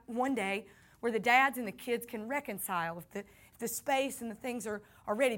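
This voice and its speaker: A woman's voice: on the high side, fairly bright tone. A woman with a Southern accent giving an earnest personal faith testimony, speaking to her listeners as y'all.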